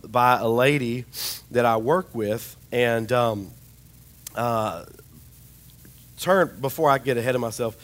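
A man preaching a sermon, with a chatty, rambling storytelling manner and a slightly hoarse voice. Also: mid-range voice. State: hoarse, recovering voice.

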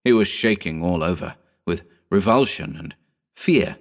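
A man narrating a horror story as an audiobook, measured and slowing for grim details. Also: on the low side, smooth.

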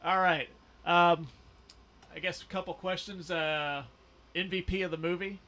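A man's voice: high-pitched, steady tone, unhurried, sharp tone. A man hosting a podcast in casual chat, rambling with lots of "like" and some swearing. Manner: loose, rambling, full of "like" and swearing. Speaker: podcast host.

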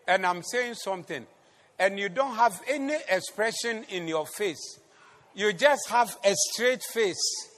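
A man with a Ghanaian accent preaching a sermon in church, moving between quiet asides and loud shouted exhortation. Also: sits high, unhurried, big-room sound. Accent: Ghanaian English. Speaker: pastor. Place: church hall.

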